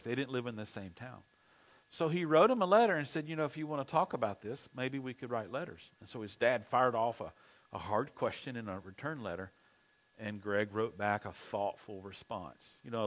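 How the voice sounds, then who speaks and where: Male pastor, mid-pitched voice, easygoing story-driven sermon delivery. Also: fairly bright tone, poor audio. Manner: conversational storytelling.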